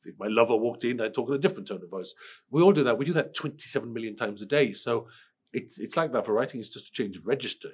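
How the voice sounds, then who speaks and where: Fast-talking Welsh man with a cold. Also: lowish voice, slightly rough. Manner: animated, restarts and repeats words. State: has a cold. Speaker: screenwriter interviewee. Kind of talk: conversational interview answers.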